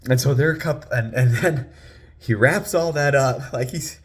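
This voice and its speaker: A man in his thirties, a father, telling a personal story in a lively way that rises loud and sinks to a hush. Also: normal speed. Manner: lively, climbs loud on exciting beats and drops low and hushed at tense moments.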